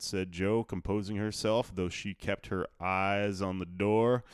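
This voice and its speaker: A man's voice: sits low, steady tone, measured pace, hardly any pauses, clean tone, no echo, clean studio sound. A man reading a classic novel aloud in a casual way, tossing in offhand asides and fixing his own slips. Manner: offhand asides and self-corrections. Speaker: audiobook narrator.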